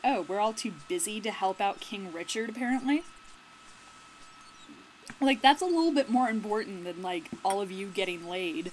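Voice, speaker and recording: A woman's voice: mid-range voice, animated, moderate pace, a little hiss or hum, rough recording. A young woman hosting a let's play, chatting casually with sarcastic asides. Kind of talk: casual game commentary.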